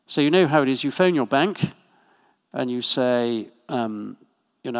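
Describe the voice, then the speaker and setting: A man preaching a sermon in a church, talking in a relaxed, conversational way with asides and small jokes. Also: medium pitch, normal speed. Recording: long hall reverb.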